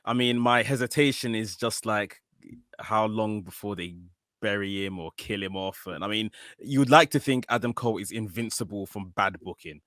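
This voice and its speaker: A man co-hosting a podcast, giving relaxed, well-informed commentary in casual chat. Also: on the low side, normal speed, no echo, clean studio sound. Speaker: podcast co-host.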